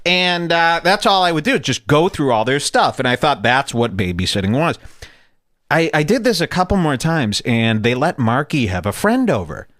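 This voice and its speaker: A young man riffing through crude, comic stories on a podcast, his pitch swinging widely as he tells them. The sound is dry and close to the mic, and he often drops into silly put-on voices. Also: sing-song, normal speed, a bit bright, no echo. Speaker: podcast host. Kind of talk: casual comedic storytelling.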